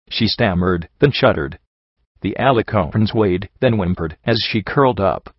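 A man narrating a story in the first person with plain, steady delivery. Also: lowish voice, moderate pace, no echo. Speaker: audiobook reader. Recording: dull lo-fi dry recording.

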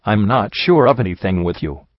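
A man gives voice to a thoughtful young mare who reasons calmly and without fuss. The audiobook is dry and a little dull. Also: lowish voice, dry recording, close to an everyday voice. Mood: earnest. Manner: measured and reasoning.

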